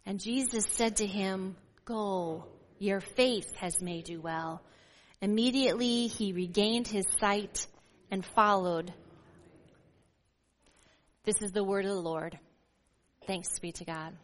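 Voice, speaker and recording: A woman's voice: medium pitch, fairly bright tone. Woman pastor preaching in a reverberant church. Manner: measured, emphatic reading, slowing on key words. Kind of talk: sermon with scripture reading. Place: church sanctuary. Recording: long reverb of a church hall.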